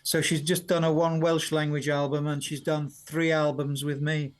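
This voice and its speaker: A man's voice: on the high side, level tone, normal speed. A man, a songwriter chatting in a radio interview and telling rambling stories with frequent laughs. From Sheffield, Yorkshire, England. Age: 70s. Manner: chatty, rambling storyteller who laughs often. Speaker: songwriter guest.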